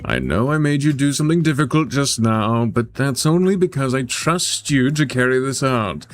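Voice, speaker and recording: A man voicing an ambitious, power-hungry male agent boss in a tabletop game, smooth, persuasive and commanding. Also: medium pitch, expressive, moderate pace, soft background music, lightly acted.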